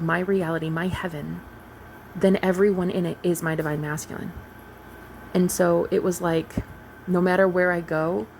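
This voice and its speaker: A woman's voice: lowish voice, darkish tone, slight background noise, low-quality recording. A woman in her thirties, a coach talking earnestly and directly to her viewers in a casual vlog. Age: 30s. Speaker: manifestation coach. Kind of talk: casual spiritual vlog talk.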